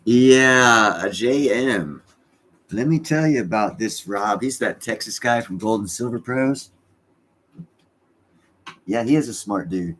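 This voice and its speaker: A man's voice: on the low side, lively intonation, slow, pauses often, a bit bright. A middle-aged man hosting his own live stream from home, chatting casually in a rambling, blunt and profane way.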